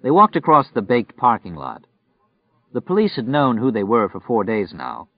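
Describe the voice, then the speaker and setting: A man reading a novel aloud in steady, measured scripted narration. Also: mid-range voice, dry recording. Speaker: audiobook narrator. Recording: dry, muffled recording.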